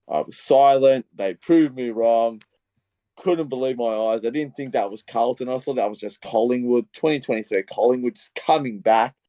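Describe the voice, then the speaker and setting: A young Australian man with an Australian accent, co-hosting a casual football podcast and telling a long, excitable story full of re-enacted quotes. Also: medium pitch, dry recording. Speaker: podcast co-host. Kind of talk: casual footy podcast chat.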